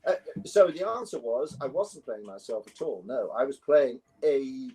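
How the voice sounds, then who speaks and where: An older English man with a London accent, a guest recalling stories in a relaxed, rambling way with many self-corrections. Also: medium pitch, moderate pace, husky, low-quality recording. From London, England. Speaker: guest, actor and musician. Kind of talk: relaxed conversational interview.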